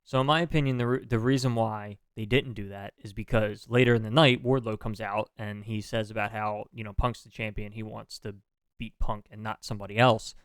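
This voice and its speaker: A man's voice: on the low side, fairly even intonation, fairly quick, clean tone, no room sound, studio quality. A man co-hosting a casual wrestling podcast, reading out a news update with lots of fillers and apologies. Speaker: podcast co-host.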